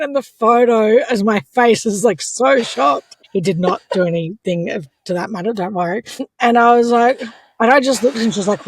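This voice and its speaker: Young aussie woman telling stories, bit of vocal fry, dry close mic. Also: mid-range voice, fairly quick, no echo. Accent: Australian. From Australia. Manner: animated, acts out quotes, laughs often. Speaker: podcast guest. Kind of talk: casual storytelling chat.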